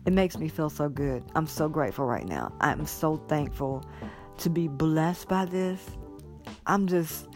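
Low-voiced woman gushing with gratitude. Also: animated, measured pace, a little mellow, soft background music. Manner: effusive, grateful, rambling storytelling. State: teary with joy. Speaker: vlogger. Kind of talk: casual vlog monologue.

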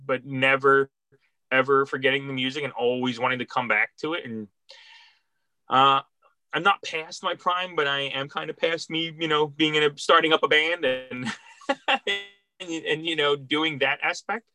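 A man's voice: a little high, fairly even intonation, normal speed, bright, forceful tone, dry recording, faint music behind. A middle-aged man from Philadelphia, a record store worker, tells stories in a rambling, heartfelt way with many restarts. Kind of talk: casual interview storytelling.

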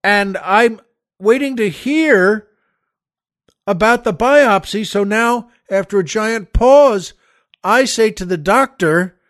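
Host, male, high-pitched, dry close sound; exasperated, rambling comic storyteller. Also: slow pace, a bit bright, no echo. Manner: exasperated, digressive, incredulous. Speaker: podcast host.

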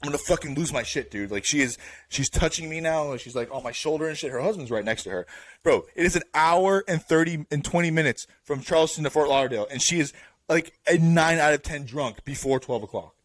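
A male podcast host telling a rambling story in a casual chat, full of fillers and slang, getting louder as it builds. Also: on the high side, brisk. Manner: rambling, filler-heavy with "like" and "bro"; animated, builds up to louder bursts.

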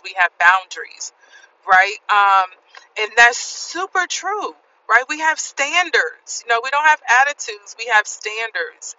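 Bright-voiced woman vlogging while driving. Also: medium pitch, recorded from a distance, highs cut off. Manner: chatty, says "right?" often. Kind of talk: casual motivational vlog. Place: inside a car, driving. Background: vehicle noise.

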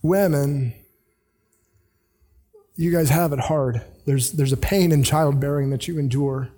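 A man preaching a sermon in a casual, conversational way, with animated paraphrases of the text he reads. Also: on the high side, a little slow, in a large hall. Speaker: pastor.

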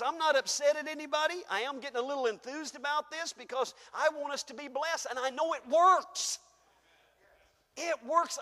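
In a church sanctuary, a large hall, a pastor with an extremely high-pitched voice preaches a fervent sermon. He calls out to his congregation, rising and shouting, then laughs and chuckles in asides between points.

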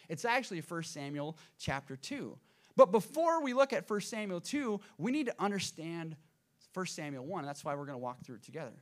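A man's voice: high-pitched, a bit bright. A man preaching a sermon to his congregation, conversational and joking, with frequent restarts. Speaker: pastor.

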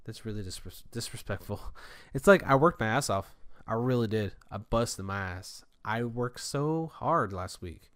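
A man's voice: fairly low pitch, expressive, unhurried, fairly bright tone, no echo, clean studio sound. A man who runs a store department, telling a rambling, frustrated story to his viewers in a casual rant. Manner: frustrated, venting.

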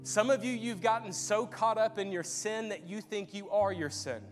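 Young male pastor, high voice, earnest testimony with faint guitar behind. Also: normal speed. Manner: earnest storytelling, repeats and restarts when emotional. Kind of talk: sermon with personal testimony. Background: faint guitar music.

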